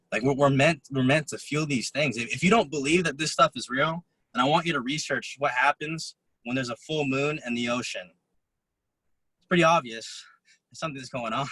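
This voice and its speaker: A man giving a motivational talk to a group, telling stories and acting out quotes of other people in an animated way. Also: mid-range voice, husky, no echo, poor audio. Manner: animated storytelling, acts out quotes. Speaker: motivational speaker. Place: event room.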